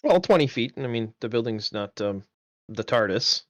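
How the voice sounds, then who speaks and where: A man's voice: mid-range voice, animated, moderate pace, no room sound, studio quality. Man thinking aloud as a game player. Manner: thinks aloud, full of ums and questions. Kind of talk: tabletop game play on a live stream.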